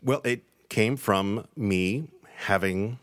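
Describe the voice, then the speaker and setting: Theatrical, low-voiced male podcast host. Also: slow pace, a bit bright, dry recording, clean studio sound. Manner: playful, theatrical. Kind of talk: casual podcast chat.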